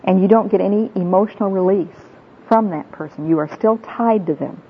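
A woman giving a heartfelt, sermon-like talk, telling personal stories in an earnest, tearful way. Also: fairly quick. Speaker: Christian women's speaker. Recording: tinny phone-like sound with faint rumble.

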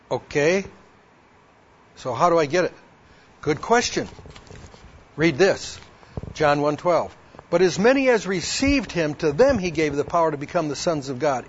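A man's voice: fairly high pitch, a little hiss or hum. A man giving a personal testimony, acting out both sides of a past conversation and reading verses aloud. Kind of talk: personal testimony told to a women's audience. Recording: dull lo-fi recording.

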